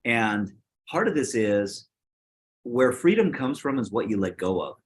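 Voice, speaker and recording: A man's voice: mid-range voice, very animated. A man co-hosting a casual talk show, speaking in an emphatic, motivational way. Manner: emphatic, motivational, quick bursts. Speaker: co-host. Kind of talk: casual chat.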